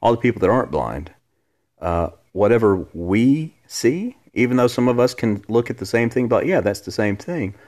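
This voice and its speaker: A man's voice: mid-range voice, lively intonation, normal speed, darkish tone. A man hosting a casual podcast from his living room, joking and rambling as he answers listener questions. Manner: joking, rambling, self-deprecating. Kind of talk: casual chat.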